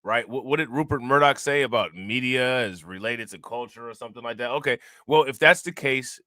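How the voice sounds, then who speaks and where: A man's voice: mid-range voice, pushed and bright, dry recording. A man hosting a casual commentary show, reacting to news clips and talking straight to his viewers in a loose, repetitive way. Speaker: commentary channel host.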